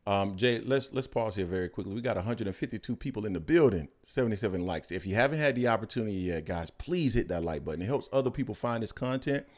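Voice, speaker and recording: A man hosting a boxing podcast in casual chat, joking loudly at times and dropping to calm analysis at others. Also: fast talker, hardly any pauses. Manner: excitable, swings from loud joking to low calm analysis. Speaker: podcast host.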